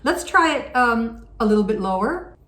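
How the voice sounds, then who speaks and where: A woman's voice: a little high, lively intonation, normal speed, a bit bright. A woman teaching singing in a conversational, encouraging way, breaking off to demonstrate sung vowels. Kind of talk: vocal lesson with sung demonstrations. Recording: echoey room with faint background noise.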